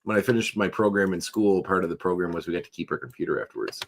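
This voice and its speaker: A man with a somewhat low voice talks through a long story in a relaxed, meandering way. He peppers it with fillers and asides like a podcast host chatting with a friend. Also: rapid-fire, gravelly. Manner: rambling, chatty storyteller with frequent fillers and laughs. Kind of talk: casual chat.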